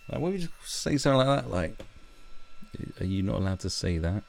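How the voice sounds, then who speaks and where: A man's voice: fairly low pitch, sing-song, fairly quick, gravelly, darkish tone. A man hosting a livestream, reading and mocking a news story with sarcastic, profane asides. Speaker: livestream host. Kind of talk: ranting commentary on a news story.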